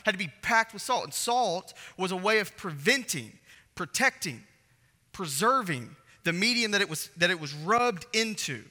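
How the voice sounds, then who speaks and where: A man's voice: high voice, lively intonation, normal speed, bright, forceful tone. A man preaching a sermon as pastor, emphatic and repeating phrases for stress. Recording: echoey hall reverb.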